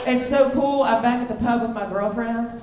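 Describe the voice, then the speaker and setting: A woman's voice: fairly high pitch, normal speed, very noisy. A woman in her thirties doing a stand-up comedy set, brash and crude, with self-deprecating punchlines. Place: comedy club stage with live audience. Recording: roomy live club sound.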